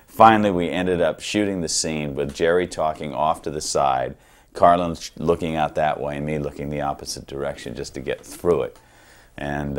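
A man, an actor, recalling with amusement a scene that kept breaking into laughter. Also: extremely low pitch. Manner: amused, conversational. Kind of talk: anecdotal reminiscence.

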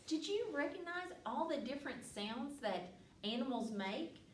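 A woman's voice: high-pitched, lively intonation, measured pace, a little hiss or hum. A woman hosting a library story time, reading aloud to children with playful animal sounds. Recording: echoey room, mic far off.

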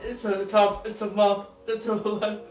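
High-voiced young man, echoey room. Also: little pitch movement, measured pace, darkish tone, distant mic, soft background music. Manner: teasing, laughs often, calls people bro. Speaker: podcast co-host. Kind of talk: casual movie commentary chat.

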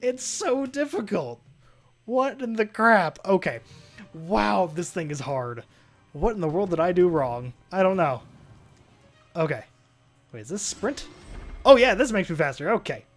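A man recording let's play commentary as a gaming video host, excitable and exclaiming and laughing often. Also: high voice, a little slow, long pauses, faint music behind.

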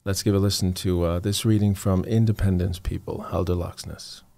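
Relaxed male radio host. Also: low-pitched, normal speed, creaky. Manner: relaxed, friendly, some fillers. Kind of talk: casual radio chat. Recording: radio studio.

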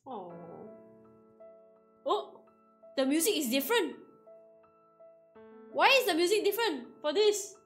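A woman giving casual game commentary, excitable and giggly, speaking English with non-native grammar. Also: very high-pitched, unhurried, long pauses. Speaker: gaming YouTuber. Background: faint game music.

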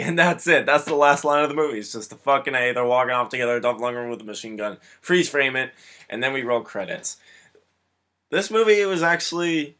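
A young man casually recapping an action movie, rambling with many fillers and growing excited as he goes. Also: medium pitch, a little fast. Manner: rambling, filler-heavy, gets excited and laughs. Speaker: film reviewer.

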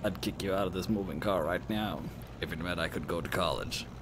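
A man's voice: a little fast, background noise. A man doing a bitter, cold crocodile woman. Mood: bitter, cutting. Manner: low, cold and clipped.

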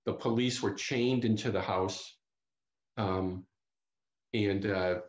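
A man's voice: fairly low pitch, fairly even intonation, takes it slowly, echoey room. A man giving an author talk, telling a true crime story with many fillers and restarts over a video call. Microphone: computer mic on a video call.

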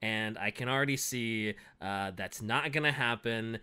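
A man in casual chat, animated and jokey, quick to laugh and react. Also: lowish voice, clear, resonant tone. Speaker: podcast co-host.

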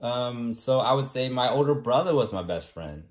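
He's a young vlogger from California with a medium-pitched, expressive voice at normal speed. Chatting casually to the camera, he rambles self-assuredly and keeps asking "right?" to tag what he says.

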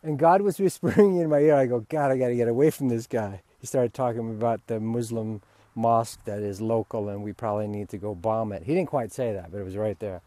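A man, a spiritual teacher, giving a relaxed, candid talk and swearing freely. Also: on the low side, a little fast, dry recording.

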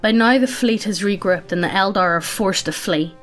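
A woman's voice: mid-range voice, normal speed, fairly bright tone, soft background music. Casual woman reading a story aloud. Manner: matter-of-fact, casual reading with frequent laughter. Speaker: story narrator.

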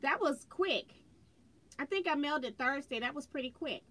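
A woman's voice: high-pitched, animated, normal speed, fairly bright tone. A woman hosting a quilting livestream from home, chatting casually and greeting viewers by name as she reads their comments on a phone. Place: indoors at home, fireworks outside.

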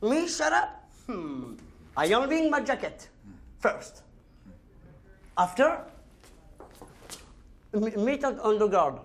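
An actor playing a boastful, jittery French prisoner who stammers in broken English mixed with French, with a French accent. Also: male voice, high-pitched, big pitch swings, slow pace, long pauses, heavily acted. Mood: storytelling. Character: boastful French inmate, jittery and comically tough. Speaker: actor in film scene. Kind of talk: film comedy acting.

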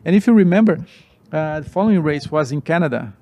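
A man's voice: on the high side, muffled recording. Man telling a racing story. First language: Portuguese. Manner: animated, halting non-native English with restarts. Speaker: former racing driver, guest. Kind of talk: interview storytelling.

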